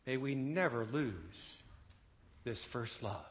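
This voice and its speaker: A man preaching a sermon, telling a story with dramatic swells that drop to a hushed close. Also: medium pitch, expressive, slow pace. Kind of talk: sermon illustration and closing. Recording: long church reverb with faint guitar. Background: soft guitar music.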